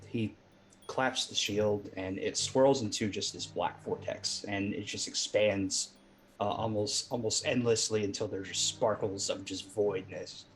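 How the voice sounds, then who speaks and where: A man playing a tabletop game, describing his character's spell in a halting, hesitant way. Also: lowish voice, fairly even intonation, a little hiss or hum. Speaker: player. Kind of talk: casual tabletop game play.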